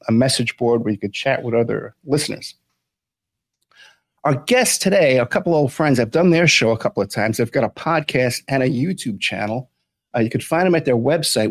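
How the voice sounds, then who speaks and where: A man hosting a podcast and talking with his guests in a folksy, chatty manner. His voice is mid-pitched and ordinary, full of fillers. It is recorded close and dry, with no room sound. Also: no room sound. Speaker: podcast host. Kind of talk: casual interview chat.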